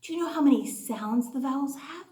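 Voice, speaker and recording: A woman's voice: high voice, fairly quick, dark tone, echoey room. A woman teaching a phonics class to young children in a cheerful, exaggerated sing-song manner, gasping before she gives each answer.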